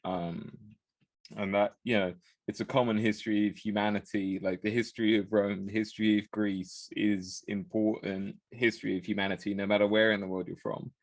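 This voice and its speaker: A man's voice: fairly low pitch, level tone, normal speed, no echo. A man from Britain co-hosting a podcast, rambling with many fillers in casual chat. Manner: rambling, hesitant, full of fillers and restarts. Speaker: podcast co-host. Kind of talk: casual round-table chat.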